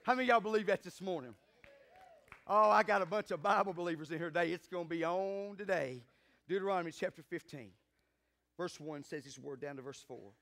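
Preaching fervently, this pastor calls for the congregation to answer him and rises to loud, emphatic high points. His voice is high and his delivery fairly quick.

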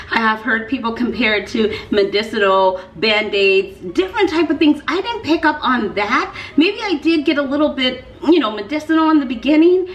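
Animated woman reviewing fragrances, echoey room. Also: on the high side. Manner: animated, playful, emphatic repetition. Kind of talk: casual vlog review.

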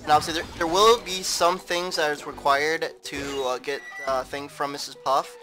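A man's voice: a little high, steady tone, normal speed, pushed and bright, rough recording. Chatty man narrating a game playthrough. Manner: rambling, repeats words, chatty. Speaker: gameplay commentator. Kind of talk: casual let's play commentary. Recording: voice over game music.

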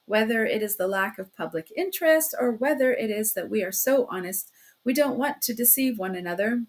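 A rambling, excitable middle-aged investigator, fussy and fawning , as a woman reads him in an audiobook. The voice sits fairly high and pushes up even higher and louder in bursts. He talks on and on without pause. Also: natural voice.

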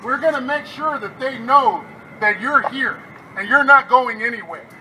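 A man's voice: very high voice, normal speed, sharp tone, a little hiss or hum, rough recording. A man, a state legislator, giving a fiery, rousing rally speech outdoors while frustrated.

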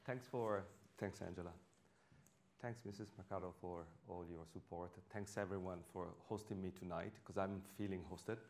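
A man with a low voice and an Italian accent gives a public lecture on stage into a microphone. He talks haltingly, with many fillers and restarts as he searches for words in a second language. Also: fairly even intonation, darkish tone. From Italy. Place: lecture hall.

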